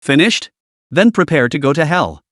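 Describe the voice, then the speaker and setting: A man's voice: fairly high pitch, expressive, normal speed, fairly bright tone, dry recording, clean studio sound. A man voicing a cold, vengeful young man who speaks with scorn.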